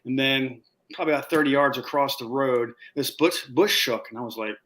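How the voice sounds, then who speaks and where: A man guest telling a casual, animated story with laughs, acting out what others said. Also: medium pitch, fairly quick. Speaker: guest, former Marine sniper.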